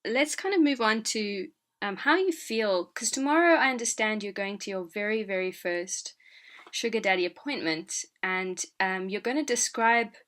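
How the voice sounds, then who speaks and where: A woman hosting a casual podcast, asking her guest gentle, probing questions. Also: medium pitch, expressive, normal speed. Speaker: podcast host. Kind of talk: interviewing in casual chat.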